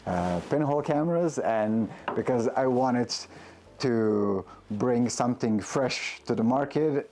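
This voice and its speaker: A man who runs a camera workshop, talking earnestly and haltingly to his backers in a casual vlog update, recorded indoors in his workshop. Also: mid-range voice, vocal fry, mellow. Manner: earnest, halting, with many restarts. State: emotional, close to tears. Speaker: camera maker and workshop owner.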